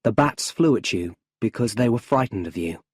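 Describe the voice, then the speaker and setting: A man's voice: lowish voice, expressive, moderate pace, breathy edge, dry recording. A man voicing a weary young male hero in an audiobook story, with plain, tired-sounding speech.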